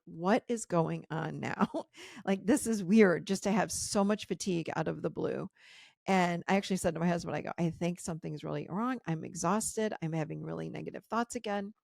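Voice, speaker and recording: Gravelly-voiced woman telling a personal story. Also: on the low side, no echo, studio quality. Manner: candid, animated retelling with quoted dialogue. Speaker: podcast host.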